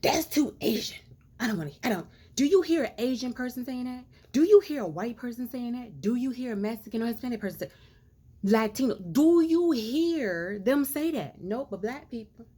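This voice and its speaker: A woman's voice: fairly high pitch, expressive, normal speed, warm tone. A woman giving an impassioned monologue to camera, earnest and preachy, piling up rhetorical questions and stretching out words for emphasis. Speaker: social commentator.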